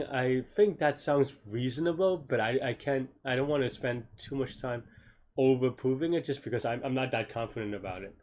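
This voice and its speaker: A tired programmer, yawning, mutters through a coding problem live, halting, questioning himself, restarting often and trailing off. His middle-pitched voice is a little mellow, drowsy and unhurried as he thinks aloud, over a little hiss or hum.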